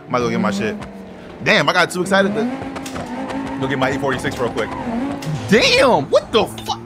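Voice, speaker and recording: A man giving loud, profane, excitable commentary over his car game, with quick shouted outbursts. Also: sits high, over loud music. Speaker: gaming YouTuber. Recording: noisy game audio behind the voice.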